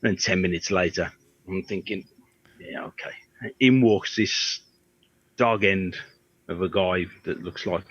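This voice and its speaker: A man's voice: low voice, measured pace. Middle-aged man spinning anecdotes. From Birmingham, England. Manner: rambling anecdotes, acts out quoted voices. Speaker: guest, guitar tech. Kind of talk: casual storytelling interview. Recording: dry, slightly dull audio.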